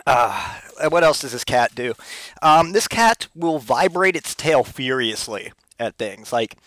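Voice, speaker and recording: A man's voice: medium pitch, sing-song, unhurried, fairly bright tone, no echo. A man hosting a casual solo podcast, telling rambling, profane, comic stories. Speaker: podcast host.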